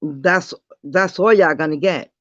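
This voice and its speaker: A woman ranting bluntly to her viewers in a casual vlog, defiant and dropping quick apologies. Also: low-pitched, fairly bright tone, no echo. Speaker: vlogger. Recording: dull lo-fi dry sound.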